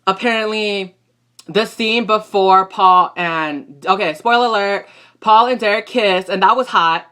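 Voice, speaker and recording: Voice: mid-range voice, unhurried, pushed and bright. A young adult recapping a soap opera episode in a casual vlog, talking in a gossipy, slangy and profane way. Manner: gossipy, profane and slangy, talks back at the characters.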